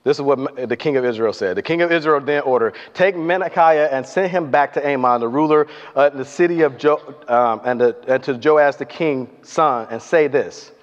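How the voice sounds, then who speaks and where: A man preaching a sermon, telling a Bible story in a lively way, acting out the voices and asking the congregation questions. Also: mid-range voice, moderate pace, few pauses. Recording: dull lo-fi sound with long hall reverb.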